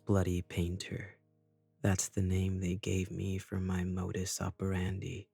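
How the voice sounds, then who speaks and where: An actor playing a calm, guarded male serial killer in a visual novel game, speaking bluntly. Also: deep voice, a little slow, creaky, soft background music. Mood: cool.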